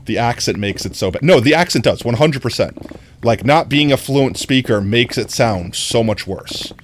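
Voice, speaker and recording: A man's voice: mid-range voice, expressive, moderate pace, a little hiss or hum. A young American man chatting casually on a live stream, reading chat aloud, rambling and often laughing.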